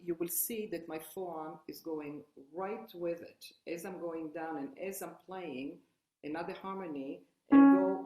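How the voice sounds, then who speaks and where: A woman piano teacher explaining technique while she demonstrates at the keyboard, with halting restarts. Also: fairly low pitch. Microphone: online workshop, single room mic. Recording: roomy sound with loud piano playing. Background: piano playing.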